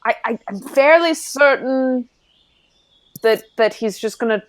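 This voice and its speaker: A woman's voice: fairly high pitch, a little slow. A woman player in a tabletop role-play game, talking in a rambling, giggly way with many restarts. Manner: rambling, giggly, self-interrupting.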